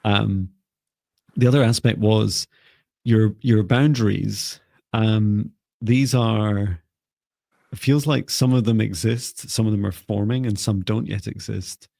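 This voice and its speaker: A low-pitched man with a gravelly edge leads a meditation in an unhurried, soothing way, then moves into a live reading. He often restarts his sentences and fills pauses with "um." The sound is dry and close. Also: dry recording. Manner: calm, slow guiding voice with frequent fillers and restarts. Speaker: psychic reader and live-stream host.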